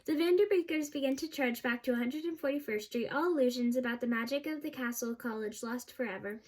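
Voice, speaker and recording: A woman reading a children's novel aloud, steady storytelling with small slips and restarts. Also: high-pitched, a little fast. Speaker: audiobook reader.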